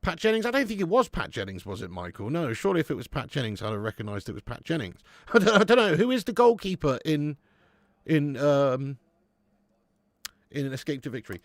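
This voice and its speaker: A man in his late thirties hosts a live football watch-along, his voice slightly high, sing-song and fairly quick, recorded clean in a studio with no echo. He banters loosely with viewers, swears, and calls them "mate" and "lad."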